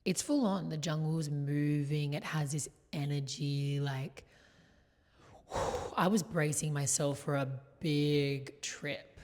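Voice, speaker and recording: Low-voiced young woman telling a story. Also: steady tone, takes it slowly, a little hiss or hum. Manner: chatty, many "like" fillers, shifts between loud and hushed. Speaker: vlogger. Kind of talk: casual confessional storytelling. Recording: long hall reverb.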